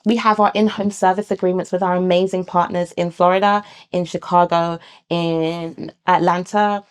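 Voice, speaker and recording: A British woman, a midwife and founder of a sonogram service, talking in a lively conversational interview and acting out other people's voices. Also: fairly low pitch, moderate pace, clear, resonant tone. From England. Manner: animated, acts out other people's voices in quotes.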